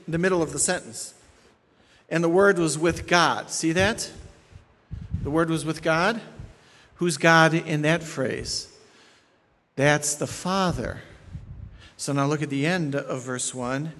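A man's voice: on the high side, a little slow, long pauses, fairly bright tone, in a large hall. A man preaching an expository sermon as pastor, emphatic, repeating key phrases and checking in with his listeners.

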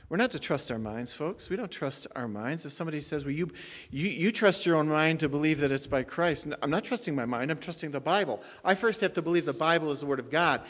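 Male pastor, somewhat high voice, emphatic sermon delivery with loud peaks and hushed asides, long hall reverb. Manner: emphatic preaching, swings from loud declarations to quiet asides.

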